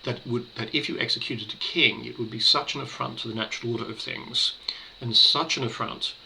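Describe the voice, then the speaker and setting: Gravelly bright-voiced man reviewing books. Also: medium pitch, fairly even intonation, a little hiss or hum, low-quality recording. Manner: measured, hesitant, with fillers and restarts. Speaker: book reviewer. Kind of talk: casual spoken book review.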